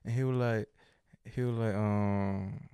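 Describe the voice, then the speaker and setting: A young man telling a story in casual chat, animated, swearing freely and acting out quotes loudly. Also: fairly low pitch, slow pace, clean tone, no room sound, clean studio sound.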